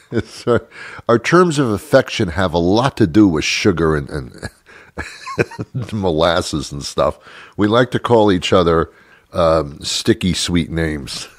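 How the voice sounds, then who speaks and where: A man's voice: deep voice, lively intonation, slow, no room sound, studio quality. A middle-aged male show host delivering a rambling, sardonic comedic rant, chuckling at his own jokes.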